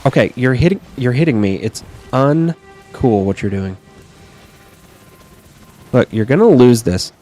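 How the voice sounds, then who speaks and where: A man's voice: mid-range voice, animated, unhurried, pauses often, warm tone, soft background music. A man casually commentating his own game, chatty and swearing, talking back at enemies and sniffling near his desk mic. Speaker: gaming streamer.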